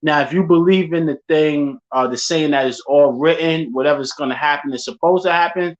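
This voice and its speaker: A man's voice: on the high side, a little fast. Laid-back man, lo-fi chat. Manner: laid-back street slang, storytelling. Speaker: podcast host. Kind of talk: casual chat. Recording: dull lo-fi sound.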